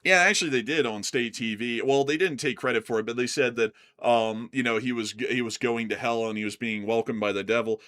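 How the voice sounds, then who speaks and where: A man's voice: medium pitch, fairly even intonation, fairly quick, few pauses, a bit bright. A man co-hosting a live stream, answering viewer questions in a casual, conversational way with frequent fillers and restarts. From United States.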